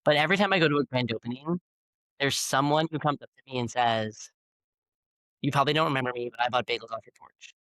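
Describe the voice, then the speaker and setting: A man's voice: mid-range voice, fast talker, fairly bright tone, no echo, rough recording. Chatty middle-aged man telling stories. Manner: chatty, many fillers and restarts. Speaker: bagel shop founder speaking to students. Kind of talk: casual storytelling talk. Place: university classroom.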